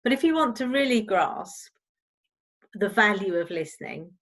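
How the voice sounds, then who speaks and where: A woman, a counsellor, presenting a recorded teaching seminar on listening in a clear, steady way. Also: medium pitch, normal speed, poor audio.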